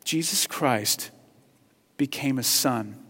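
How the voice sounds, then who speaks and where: A man preaching a sermon with passion, swinging between hushed, tender passages and loud, excited ones. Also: medium pitch, takes it slowly, creaky, breathy edge, big-room sound. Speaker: pastor.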